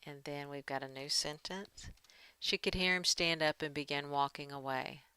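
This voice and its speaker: A woman's voice: low voice, normal speed, sharp tone, clean tone, dry recording. A woman giving a writing lesson, talking through edits as she works and reading draft passages aloud. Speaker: writing teacher. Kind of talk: screen-share editing lesson.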